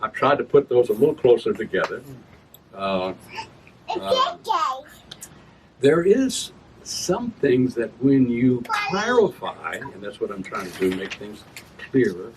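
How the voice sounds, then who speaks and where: A man reads his own work to a live audience, taking it slowly in a mid-range voice whose pitch swoops wildly. Chatty, he explains verse with rhythm sounds and keeps correcting himself. A distant mic in the event room picks up room ambience and background noise.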